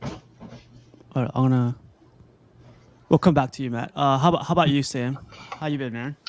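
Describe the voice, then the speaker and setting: A man hosting a casual livestream video chat, relaxed and laughing often, talking through a call mic. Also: medium pitch, normal speed. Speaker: livestream host.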